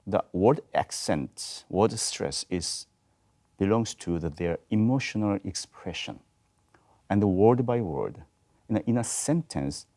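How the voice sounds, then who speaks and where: A man who is a native Korean speaker, speaking English with a Korean accent as a panelist in a studio roundtable, halting and searching for words. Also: sits low, darkish tone. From South Korea. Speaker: panelist, voice teacher. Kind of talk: roundtable discussion. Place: video studio.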